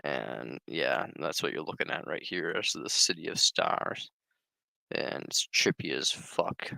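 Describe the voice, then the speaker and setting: A man's voice: very deep voice, a little slow, gravelly, sharp tone, no room sound, low-quality recording. A man casually reading a book aloud and commenting, rambling and swearing, with many filler words. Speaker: reader and commentator.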